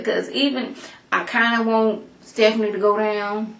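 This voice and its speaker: A TV episode reviewer gives a casual, opinionated recap, chatty and storytelling with frequent asides. Her mid-range voice is creaky and a bit bright, with fairly even intonation and a moderate pace. The recording comes from an echoey room.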